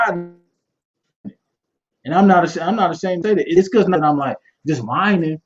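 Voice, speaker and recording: A man's voice: high-pitched, moderate pace, long pauses, faint music behind. Passionate man on a muffled stream. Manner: passionate, conversational, loose repetitions and asides. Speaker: guest speaker. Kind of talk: candid motivational talk.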